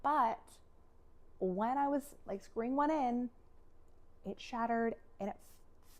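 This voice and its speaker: A woman vlogger telling a personal story, animated and emotional, with many fillers and acted-out quotes. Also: on the high side, unhurried, long pauses.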